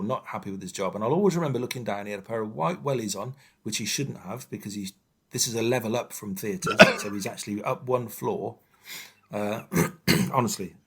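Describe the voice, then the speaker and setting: Man, 50s, low-ish voice, candid interview guest, halting with fillers. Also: fairly bright tone, slightly rough. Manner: frank, hesitant, many fillers. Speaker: firefighter guest.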